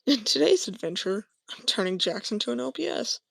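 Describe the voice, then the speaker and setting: A woman's voice: on the high side, big pitch swings, a little fast, vocal fry, husky, no room sound. A young woman chatting casually to viewers while crafting, often trailing off into a mumble. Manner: chatty, self-talking, often drops to a mumble. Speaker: crafting vlogger.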